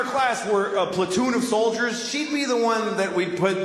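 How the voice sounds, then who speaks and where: A man's voice: high voice, moderate pace, fairly bright tone, a faint crowd. A man from Boston doing a crude, ranting stand-up comedy set on a club stage. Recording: roomy club with audience noise.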